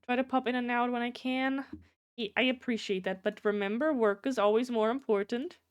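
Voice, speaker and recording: A woman's voice: a little high, fairly even intonation, a little fast, clear, resonant tone. A young woman streaming live, chatting casually with viewers, rambling, swearing freely and greeting people in chat by name.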